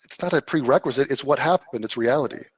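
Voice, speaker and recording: A man's voice: mid-range voice, fast. A man hosting a live call-in stream, blunt and profane, answering callers in casual chat. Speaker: livestream host answering callers.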